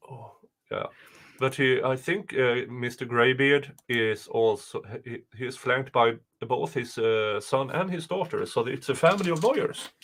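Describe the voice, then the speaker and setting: A man's voice: mid-range voice, unhurried, fairly bright tone. A man with a Swedish accent hosting a casual livestream commentary, chatty and amused, often trailing off with fillers. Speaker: host.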